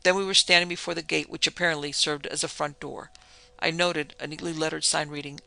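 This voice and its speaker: Gravelly, bright male storyteller over music. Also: fairly high pitch, level tone, brisk. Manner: dramatic first-person storytelling. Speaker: narrator. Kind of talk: scripted narration of a pulp horror story.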